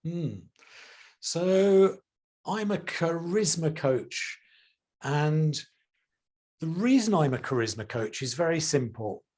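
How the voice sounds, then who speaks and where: A man's voice: on the high side, animated, slow pace, long pauses, a little mellow. A man, a charisma coach and former actor, talking expressively as a guest on a video call from home. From England. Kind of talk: casual interview chat.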